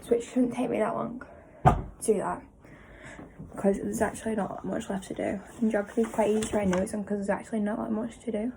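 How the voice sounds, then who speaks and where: A woman's voice: mid-range voice, steady tone, brisk, gravelly. A teenage girl chatting casually in a study-with-me vlog from her bedroom, rambling with lots of fillers. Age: teens. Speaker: vlogger. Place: bedroom at home. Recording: noisy home video recording.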